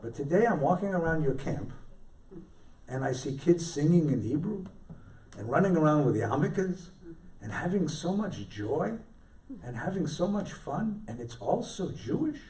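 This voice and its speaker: Brief: elderly male survivor, thick accent, clipped and halting, as a speaker puts him on, roomy far-off sound. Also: a little high, big pitch swings. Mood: softly moved. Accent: thick foreign accent. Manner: curt, repeating himself, then soft and halting. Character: elderly male Holocaust survivor, gruff then tender. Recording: roomy hall, mic from afar.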